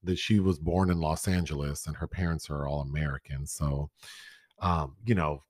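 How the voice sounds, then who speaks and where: A man with a low voice talks through a documentary in casual chat. He is frank and opinionated, swearing now and then. The sound is dry and close, with no room echo. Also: fairly even intonation, moderate pace, darkish tone. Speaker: podcast co-host. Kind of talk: casual chat reviewing films.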